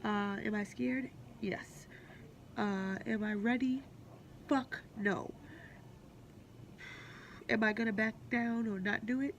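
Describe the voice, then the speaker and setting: A woman's voice: on the high side, fairly even intonation, takes it slowly, pauses often. A woman in her late twenties vlogging candidly and bluntly from a hospital room, swearing freely. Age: 20s. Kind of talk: personal hospital vlog. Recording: faint hospital background noise.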